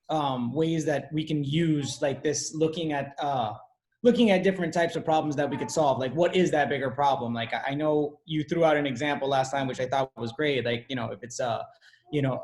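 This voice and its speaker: A slightly high-voiced man thinks out loud, reflecting on what he learned with plenty of "like" and "um." He sounds casual and searching as he works through his ideas. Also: fairly quick. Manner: thoughtful, filler-heavy. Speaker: student. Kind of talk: casual video call discussion.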